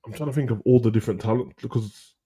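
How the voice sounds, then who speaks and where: A man, co-hosting a casual live chat, slangy and rambling, breaking into animated rants. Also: mid-range voice, fast talker, breathy edge. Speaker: co-host.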